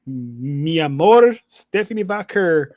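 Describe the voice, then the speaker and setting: A man co-hosting a casual wrestling recap podcast, his voice a bit higher than most men's. He tells each story in an animated way, acting out what people said and laughing along. The sound is dry and close. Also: takes it slowly, dry recording. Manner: animated storytelling, acts out quotes, laughs often. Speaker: podcast co-host.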